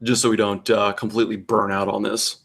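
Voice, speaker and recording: A man's voice: lowish voice, little pitch movement, a little fast, gravelly, fairly bright tone. A young man reading bad fanfiction aloud for comedy, putting on exaggerated voices and breaking off with exasperated asides.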